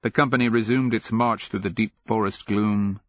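A man reading a dark fantasy story aloud in a measured, grave narration. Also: lowish voice, steady tone, dry recording, dull audio. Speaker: audiobook narrator. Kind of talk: scripted narration.

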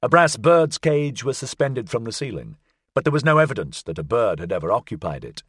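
Expressive male audiobook narrator. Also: mid-range voice, a little fast, breathy edge, no echo, clean studio sound. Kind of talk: scripted narration.

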